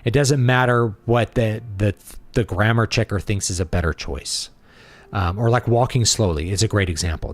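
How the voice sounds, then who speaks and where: A man hosting a casual livestream who talks in a blunt, opinionated and playful way. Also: fairly low pitch. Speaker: livestream host and writer.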